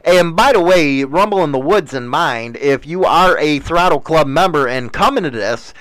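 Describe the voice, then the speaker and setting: Animated, high-voiced older man ranting. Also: normal speed, dry recording, low-quality recording. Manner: blunt, crude, ranting. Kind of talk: casual profane monologue.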